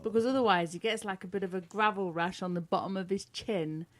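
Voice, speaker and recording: A woman's voice: mid-range voice, slight background noise. Teasing British woman co-hosting radio. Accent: British English. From Britain. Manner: teasing, quick wit, laughs often. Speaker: co-host of an online radio show. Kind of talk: casual banter, reading chat messages.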